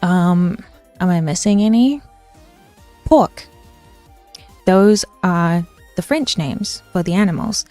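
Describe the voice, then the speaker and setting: A woman's voice: fairly low pitch, takes it slowly, long pauses, dark tone, faint music behind. A woman streamer ranting casually about history, chatty and swearing, answering her chat as she goes.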